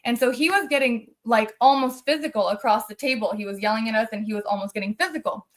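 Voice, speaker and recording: A woman speaks as a live-stream guest, her voice sitting a little higher than most. She recounts her own experiences earnestly and with feeling, circling back over the details as she goes. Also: fast. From United States. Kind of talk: personal storytelling on a live stream.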